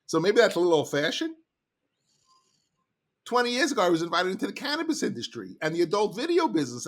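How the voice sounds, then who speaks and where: A middle-aged man, a sales trainer, telling stories in an animated, emphatic way as a podcast guest. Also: a little high, fast talker. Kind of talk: casual interview talk.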